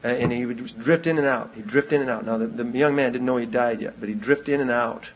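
Man, preacher, husky voice, rambling storytelling, urgent exhortation, muffled lo-fi recording. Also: medium pitch, quick pace. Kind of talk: sermon.

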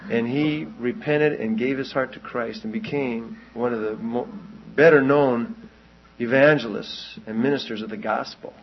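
A man's voice: mid-range voice, creaky, muffled recording, slight background noise. A man preaching a sermon, telling a long story in a loose, rambling way and then pressing his point with rising urgency.

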